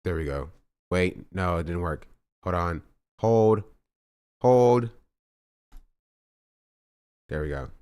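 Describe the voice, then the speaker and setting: Man, low-pitched voice, casual live-stream chat, rambling, thanks subscribers, talks to viewers. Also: steady tone, normal speed, clean tone.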